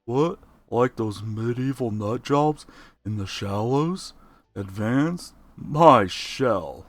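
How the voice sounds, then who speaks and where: A man's voice: medium pitch, expressive, slow. A man voicing a skeptical male crab who scoffs dismissively. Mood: scoffing.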